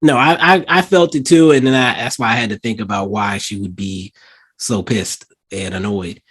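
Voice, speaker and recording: A man's voice: on the low side, normal speed, breathy edge. A man co-hosting a podcast, chatting casually and acting out movie moments as he retells them. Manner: animated storytelling, acts out lines in quotes. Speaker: podcast co-host. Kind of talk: casual chat.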